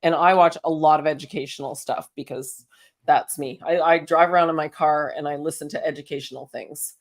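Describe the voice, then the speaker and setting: A woman's voice: low-pitched, fairly even intonation, brisk. A woman hosting a casual spiritual self-help talk, chatty and encouraging, firing off strings of rhetorical questions and laughing often. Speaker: host.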